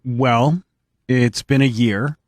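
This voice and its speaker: A man's voice: mid-range voice, slow pace, dry recording. A man chiming in on a radio talk show, hesitant and stumbling over his words. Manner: hesitant, stumbling, lively intonation. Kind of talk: casual radio banter.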